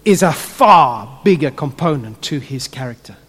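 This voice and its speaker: A man preaching a sermon to a congregation. He is animated and drops his voice low when he retells a story. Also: normal speed, husky, in a large hall. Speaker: pastor.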